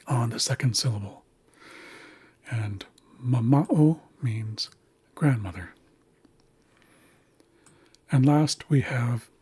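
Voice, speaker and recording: A man teaching a language lesson, patiently walking through pronunciation and repeating example words slowly. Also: medium pitch, darkish tone. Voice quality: very breathy, husky. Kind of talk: slow instructional walkthrough.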